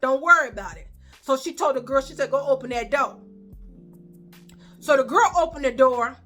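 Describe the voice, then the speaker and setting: A woman with a Chicago accent spins a story from her own life, high-pitched and bright, with a sharp edge to her voice. She talks casually and swears freely, acting out each line of dialogue with lively energy. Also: normal speed, faint music behind. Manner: animated, profane, acts out quoted dialogue.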